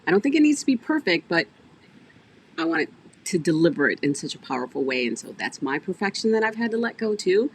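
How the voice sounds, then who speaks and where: A woman coach with a somewhat low voice chats animatedly with a guest over a video call. She laughs often and talks straight to her audience, with a faint hiss of noise behind her. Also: sing-song, fast. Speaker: business coach and podcast host. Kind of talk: casual interview chat.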